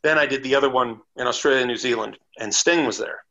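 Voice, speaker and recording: A man, a former wrestler, telling chatty, animated anecdotes as a guest on a podcast interview. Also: mid-range voice, fast, muffled recording. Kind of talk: casual storytelling interview.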